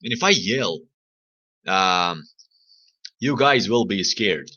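Guy rambling on a live stream, bright edgy voice, kinda dull lo-fi sound. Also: lowish voice, animated, slow. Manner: chatty, rambling, teasing questions to viewers. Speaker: livestream host. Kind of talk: casual chat to live viewers.

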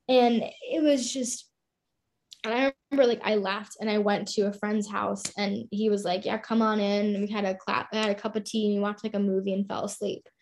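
A young woman in her twenties, appearing as a podcast guest, chats her way through a story, saying "like" a lot. Her medium-pitched voice has a flat delivery, a somewhat dark tone and a slightly fast pace.

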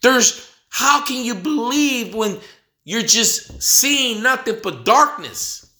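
Preaching man, bright, echoey room. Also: very high voice, expressive, slow pace. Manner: repetitive, rhetorical questions, rising to near shouting. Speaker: speaker addressing the nation. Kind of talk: impassioned preaching monologue.

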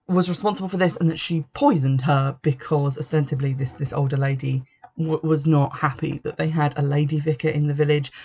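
Chatty book reviewer, gravelly voice, dull lo-fi sound, opinionated and full of fillers. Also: mid-range voice.

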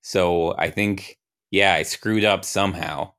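A man's voice: deep voice, fairly even intonation, takes it slowly, vocal fry, fairly bright tone, clean tone, full character voice. A man voicing a goofy, clumsy male God who rambles and makes excuses when he gets things wrong. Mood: flustered. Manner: rambling, flustered, self-excusing.

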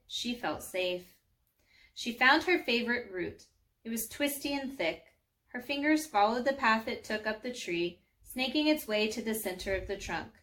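A woman reading a children's storybook aloud, gently, sometimes speaking directly to young listeners. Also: mid-range voice. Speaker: storybook narrator.

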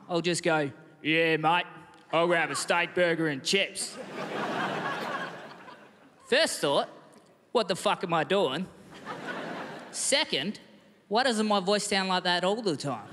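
A man's voice: sits high, slight background noise. A man in his thirties with an Australian accent, doing a laid-back, self-mocking stand-up set. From Western Australia. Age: 30s. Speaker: stand-up comedian. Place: large comedy festival theatre. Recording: reverberant theatre with loud crowd.

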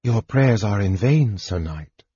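A man reading an audiobook voices a stern dark elf sorcerer who speaks quietly and with command. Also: fairly low pitch, animated, unhurried, breathy edge, no echo, heavily acted. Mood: cool. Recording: dull lo-fi recording.

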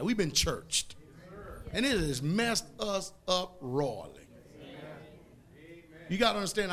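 A man preaching a sermon in a folksy, emphatic way, drawing call-and-response from the congregation and rising to loud outbursts. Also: high voice.

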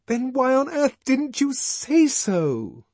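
A man voicing an impatient, exasperated young woman in an audiobook, firing sharp questions. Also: on the high side, wildly swooping pitch, unhurried, slightly rough, dry recording, pitched above the performer's own voice, full character voice. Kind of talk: audiobook character voice.

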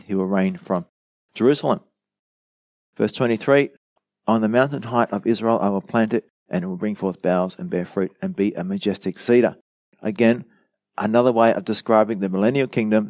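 A man's voice: lowish voice, darkish tone, dry recording. A man preaching a Bible teaching sermon, earnestly explaining verses, quoting commentators and asking the listeners questions. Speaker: pastor.

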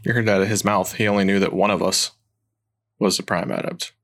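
A man at a tabletop game with a low voice full of gravelly fry. He talks bluntly, pushes back on the others and drops a swear now and then. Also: flat delivery, a bit bright. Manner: blunt, swearing, quick to object. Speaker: player. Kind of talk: casual tabletop chat.

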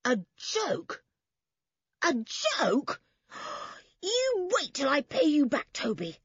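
A woman's voice: on the high side, very animated, moderate pace, husky, no echo, dull audio, voice pushed up. A woman voicing a proud, hot-tempered tomboy girl who speaks indignantly and sharply.

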